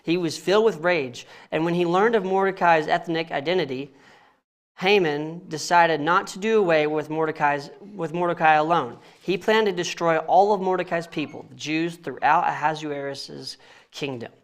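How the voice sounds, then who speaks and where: A man's voice: a little high, normal speed. A young man reading scripture aloud and teaching it casually in a church, often stumbling over names and laughing at himself. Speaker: Bible study teacher.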